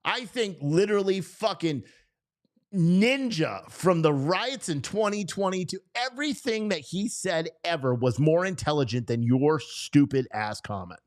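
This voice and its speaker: A man's voice: a little high, animated, unhurried. A man hosting a casual livestream, ranting at chat comments with heavy swearing and laughing at himself. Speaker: livestream host reading chat. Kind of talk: casual unscripted livestream talk.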